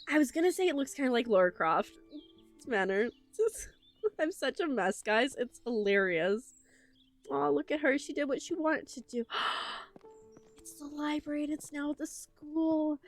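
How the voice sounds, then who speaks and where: A young woman streaming a game, chatting casually to viewers in a gushing, emotional way with lots of fillers, close on a desk microphone. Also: sits high. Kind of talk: casual livestream chat while playing.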